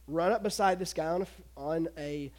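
A man giving a casual, animated youth sermon, retelling a story and acting out the voices of the people in it. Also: a little high, normal speed. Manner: animated, acts out voices, laughs often.

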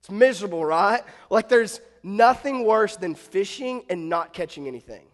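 Male pastor, sermon, conversational storytelling, high voice, long hall reverb. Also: expressive, normal speed. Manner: conversational storytelling, asks the congregation questions.

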